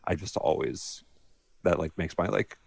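Very deep, gravelly-voiced joking man. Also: a little slow, darkish tone, dry recording. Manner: joking, teasing, laughs often. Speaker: podcast co-host. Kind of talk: casual movie-commentary chat.

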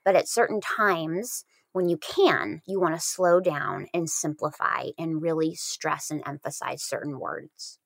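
A woman explaining tips on how babies learn words in a casual chat, steady and careful, stressing key words. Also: deep voice, measured pace, creaky, hardly any pauses, no echo.

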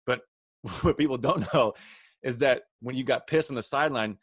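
A man's voice: medium pitch, moderate pace, breathy edge, dry recording, clean studio sound. A man hosting a casual podcast chat, telling stories and acting out quotes with energy. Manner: animated storyteller, acts out quotes. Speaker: podcast host.

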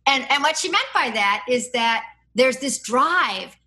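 A middle-aged woman, a podcast guest, chatting and explaining at length in a lively, rambling way, with laughs and restarts. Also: high voice, unhurried. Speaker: podcast guest, free-play advocate. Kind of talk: casual conversational explaining.

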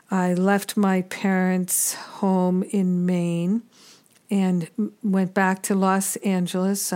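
A woman giving a reflective spiritual teaching talk, measured and earnest, pausing often between thoughts. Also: mid-range voice, darkish tone, clean tone.

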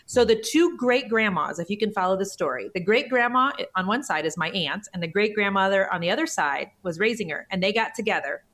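Woman in her forties, podcast guest, earnest, emotional, middle pitch. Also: expressive, brisk, few pauses, a bit bright. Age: 40s. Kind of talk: conversational interview.

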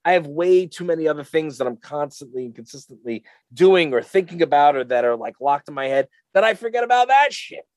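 A man's voice: on the high side, animated, a little fast, few pauses, dry recording. A man co-hosting a podcast in casual chat, rambling and jokey, slipping into silly voices. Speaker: podcast co-host.

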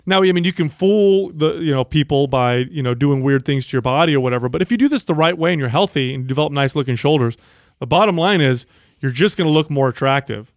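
A man's voice: on the high side, no echo, clean studio sound. A man co-hosting a podcast, explaining things in a matter-of-fact way. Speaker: podcast co-host. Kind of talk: casual chat.

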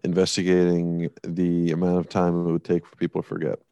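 A man's voice: deep voice, monotone, a little fast, gravelly, warm tone, clean tone, no echo. A man co-hosting a casual sports podcast, talking bluntly and emphatically, with swearing and dry sarcasm. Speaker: podcast co-host.

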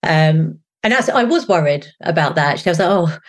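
A middle-aged woman with a thick South East London accent answers interview questions in a chatty, animated way. She keeps restarting her sentences and filling pauses with "um" and "you know". Her voice sits a little low for a woman. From England. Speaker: showrunner guest.

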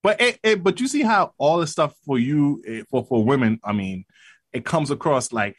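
A man's voice: on the high side, expressive, normal speed, dry recording. A man co-hosting a podcast, arguing back in casual debate and often stumbling over repeated words. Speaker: podcast co-host.

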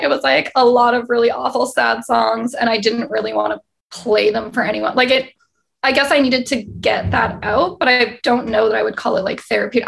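A young woman from Canada talks through a video-call interview in a loose, rambling way, peppering every thought with fillers and easy laughs. Her voice sits fairly high, with a heavy gravelly fry running through it. The sound comes over a home video connection. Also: fairly bright tone. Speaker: singer-songwriter guest.

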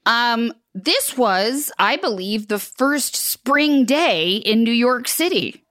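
Woman as a blunt, sarcastic, crude co-host; higher voice, dry, cranky comedy character. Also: animated, slow pace, a bit bright, dry recording. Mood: snarky. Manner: blunt, sarcastic and foul-mouthed.

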